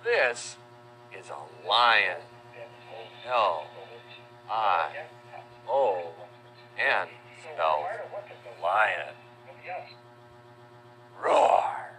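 A man narrating a children's educational video, spelling out words letter by letter in a friendly, deliberate way. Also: fairly low pitch, big pitch swings, sharp tone, a little hiss or hum. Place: voice-over.

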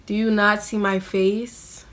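A woman's voice: medium pitch, little pitch movement, slow pace, a bit bright. A young woman, chatting in a casual question-and-answer vlog. She is self-mocking and scatters "like" through her talk. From New York City. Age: young adult. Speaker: vlogger.

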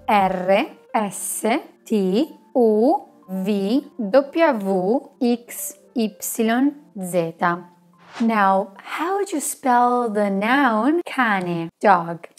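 A woman teaching a language lesson in scripted narration, slowly spelling out letters and words with care. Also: mid-range voice. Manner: slow, careful spelling out of letters.

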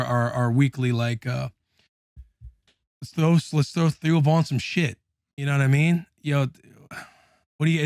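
A man's voice: mid-range voice, dry recording, studio quality. A young man hosting a podcast, ranting in casual, profane chat. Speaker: podcast host.

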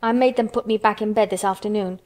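A woman's voice: mid-range voice, steady tone, fast, darkish tone, close to an everyday voice. Woman voicing a whiny, sickly spoiled boy. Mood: sulky. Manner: whiny, petulant complaints. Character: spoiled sickly boy, self-pitying and petulant.

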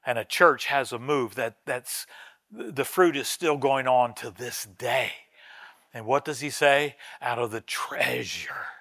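A male pastor preaching a sermon in a conversational, storytelling way, often restarting his words and growing loud and high when he quotes others. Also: dry recording, clean studio sound. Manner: animated, rises high and loud when voicing an old woman's quoted words; casual, conversational delivery with frequent restarts.

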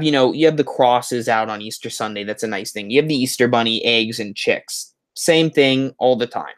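A man talks into a headset during a casual livestream. He chats in a rambling, easygoing way, reading out viewer comments, and his voice sits at a middling pitch. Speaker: YouTube livestream host.

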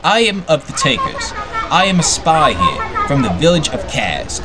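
Game role: man doing a servile spy, formal and measured, lively pitch, loud crowd noise behind. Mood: solemn. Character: quiet pale male servile spy, solemn.

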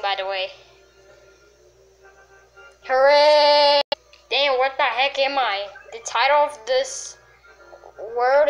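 A woman commenting on a game she is playing, excitable and full of yelps and exclamations. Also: high voice. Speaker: gamer. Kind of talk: let's play commentary.

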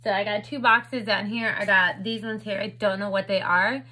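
Woman, 30s, bright voice, casual unboxing vlog, filler-heavy chat, recorded at home. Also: mid-range voice, steady tone, normal speed, rough recording. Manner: chatty, filler-heavy with lots of "like" and "um". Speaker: beauty vlogger. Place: home, indoors. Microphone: camera on a stand with ring light.

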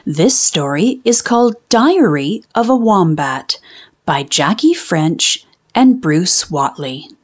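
A woman reading a picture book aloud to children, friendly and expressive. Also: on the low side, takes it slowly.

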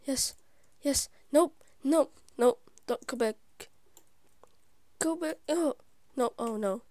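A woman hosting her gaming channel, giving live gameplay commentary; excitable and easily frustrated, she often drops into whispered asides. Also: high voice, slow, dry recording. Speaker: YouTube gaming channel host.

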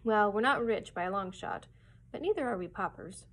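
A woman reading a storybook aloud and voicing an eager, talkative boy, in a husky voice. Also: medium pitch, normal speed. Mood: earnest. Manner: lively, chatty.

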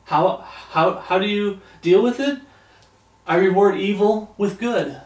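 A man preaches a little slowly in a fairly high voice, drawing out scripture verses with emphasis and then giving blunt commentary. Roomy echo fills the recording, and he seems a bit distant from the microphone.

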